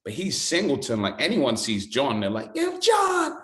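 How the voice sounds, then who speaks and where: British guy telling a story, animated, sounds kinda roomy. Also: medium pitch, normal speed. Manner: lively storyteller who slips into voices. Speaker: actor guest.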